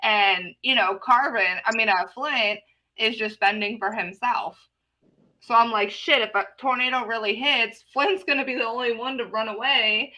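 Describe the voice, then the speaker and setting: A woman's voice: on the high side, normal speed, sharp tone, poor audio. A woman in casual stream chat, telling stories animatedly with lots of swearing. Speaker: co-host.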